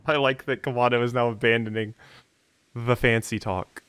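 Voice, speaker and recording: A man's voice: mid-range voice, takes it slowly, long pauses, fairly bright tone, smooth. Brief: casual male let's-play host, mid-range voice, faint game music under him. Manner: chatty, rambling asides with laughs. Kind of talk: casual gameplay commentary.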